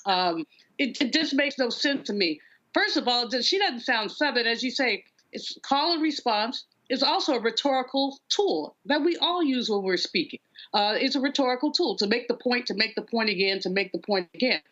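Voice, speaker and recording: Woman pundit, blunt and amused, slightly high voice, dull remote feed. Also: expressive, normal speed, a bit bright. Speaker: panel guest. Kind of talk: political discussion.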